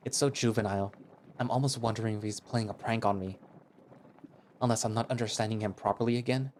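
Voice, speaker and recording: A man's voice: on the low side, fairly even intonation, fast talker, a little mellow, a little hiss or hum. A man reading a visual novel aloud in first person, with conversational, hesitant, flustered dialogue. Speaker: narrator.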